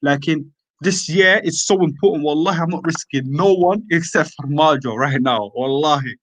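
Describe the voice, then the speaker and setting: A young man in casual chat, animated and slangy, stacking filler tags. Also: a little high, normal speed, no echo. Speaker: open mic speaker.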